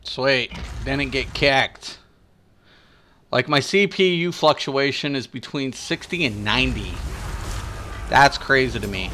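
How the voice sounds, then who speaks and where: A man's voice: medium pitch, slow pace, long pauses, sharp tone, a little hiss or hum. A man giving casual, rambling gameplay commentary, swearing and complaining as he plays. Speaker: gaming streamer.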